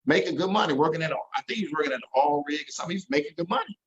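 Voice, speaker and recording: A man's voice: on the high side, racing. Guy telling a heavy story, stammers and repeats, kinda muffled audio. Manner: earnest, repeats words, stammers when moved. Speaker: interview guest. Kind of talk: emotional storytelling.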